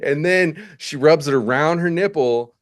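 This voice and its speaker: A man's voice: fairly high pitch, unhurried. A man co-hosting a podcast, casually describing a horror movie scene with crude, laughing asides. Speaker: podcast co-host. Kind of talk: casual movie recap chat.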